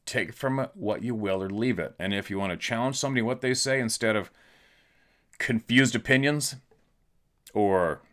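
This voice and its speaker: Deep-voiced blunt storytelling man. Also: moderate pace, a bit bright. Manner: emphatic, repetitive, blunt. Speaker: podcast host. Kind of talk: casual storytelling monologue.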